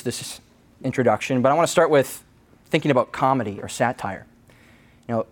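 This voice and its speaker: A male pastor preaching a sermon in a conversational way, often restarting his phrases as he thinks aloud. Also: mid-range voice.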